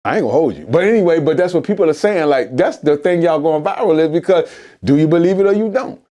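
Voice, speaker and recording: Philly rapper guy telling a wild story, high voice, swings all over, lots of restarts. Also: fast talker. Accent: Philadelphia. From Philadelphia. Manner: animated, acts out quotes in shifting voices, many restarts. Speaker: rapper guest. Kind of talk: animated storytelling interview.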